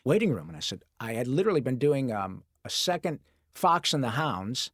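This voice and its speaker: A male voice actor tells stories in a podcast interview in an animated, expressive way, now and then dropping into a character voice. His voice sits in a middle register. The studio mic sound is dry and close, with no room echo. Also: medium pitch, brisk, husky. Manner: animated storyteller who slips into character voices. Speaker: guest voice actor. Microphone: studio microphone.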